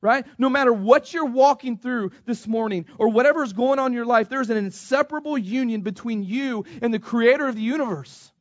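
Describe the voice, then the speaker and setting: A man's voice: extremely high pitch, fairly quick, hardly any pauses, no echo, highs cut off. A man from the United States preaching a sermon, repeating himself and calling the congregation "church". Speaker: pastor.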